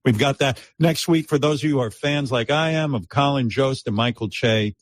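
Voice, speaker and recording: A radio host man delivering relaxed, halting end-of-show announcements. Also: medium pitch, dry recording.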